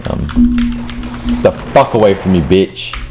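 A young man giving gameplay commentary, swearing and shouting in frustrated outbursts, with game music and keyboard typing behind him. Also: low-pitched, lively intonation, measured pace. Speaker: gaming streamer.

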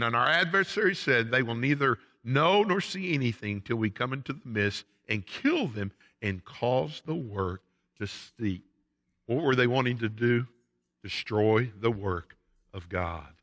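Emphatic Southern pastor in a reverberant church. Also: male voice, medium pitch, sharp tone. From United States. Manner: emphatic preaching with rising and falling intensity. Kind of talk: sermon. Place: church sanctuary. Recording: long church hall reverb.

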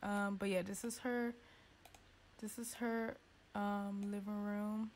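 A woman's voice: flat delivery, slow pace, a little hiss or hum. Chatty woman narrating a sim game. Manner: chatty, playful, voices the sims' thoughts in a squeaky tone. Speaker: gaming YouTuber. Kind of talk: casual let's-play commentary.

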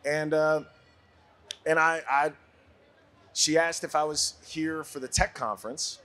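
A man in his forties from Brooklyn, a podcast guest telling a story in a casual, animated way and laughing often. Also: fairly high pitch, unhurried. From Brooklyn, USA.

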